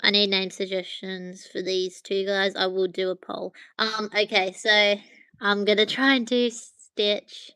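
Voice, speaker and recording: A woman's voice: medium pitch, little pitch movement, measured pace, bright, forceful tone, clear, resonant tone, no room sound. A woman hosting a casual livestream, chatting with viewers from her phone in a rambling way. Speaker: livestream host.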